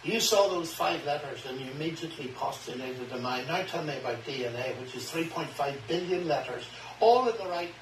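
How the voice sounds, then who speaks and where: A fairly high-voiced man tells a story with animated energy, jumping up in pitch whenever he acts out a line. He sits back from the mic in a roomy space, and a faint hiss runs underneath. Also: brisk, hardly any pauses, recorded from a distance. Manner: animated, acts out quoted dialogue with big pitch jumps. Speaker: guest. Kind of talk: storytelling in an interview.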